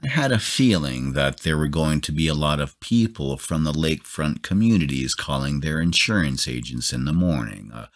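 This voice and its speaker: A man calmly narrating a novella as a bedtime audiobook reading. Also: rumbling low. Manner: calm, measured.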